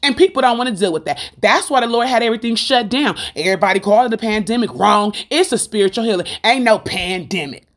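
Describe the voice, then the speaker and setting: A woman's voice: a little high, animated, fast talker, few pauses. Fervent woman preaching an informal sermon. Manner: fervent, preachy, rhythmic and repetitive; addresses listeners directly with rhetorical questions. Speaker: Christian speaker.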